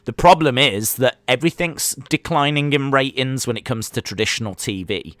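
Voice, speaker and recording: A man hosting a live wrestling watch-along stream. He calls the action with excitement, then answers chat questions in a relaxed, rambling way. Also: mid-range voice, moderate pace, no echo. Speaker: live-stream reaction host.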